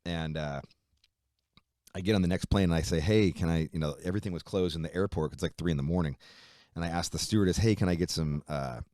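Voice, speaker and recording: Man guest, very low voice, dry close recording, casual storyteller who swears a lot. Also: quick pace, dry recording. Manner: swears freely, animated storytelling with quoted dialogue. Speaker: musician guest.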